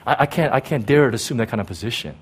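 A man's voice: medium pitch, animated, rapid-fire, husky. A man voicing a falsely modest man who hurriedly waves off praise in a simpering, self-deprecating way.

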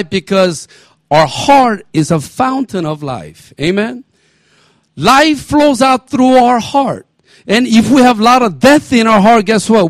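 A man's voice: on the high side, no echo. A middle-aged man preaching a sermon as pastor, emphatic, repeating phrases and asking his congregation questions.

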